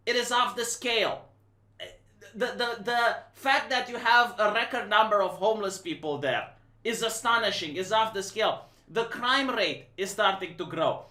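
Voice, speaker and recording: A woman's voice: medium pitch, sharp tone. A woman with a Romanian accent giving blunt, emphatic opinion commentary on her stream, often repeating herself and restarting phrases. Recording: roomy echo.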